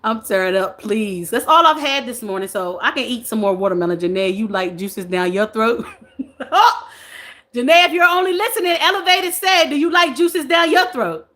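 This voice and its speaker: A woman's voice: a little high, lively intonation, moderate pace, a bit bright. A woman in her forties hosting a casual live stream, chatting playfully with viewers, reading their comments, and laughing often. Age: 40s.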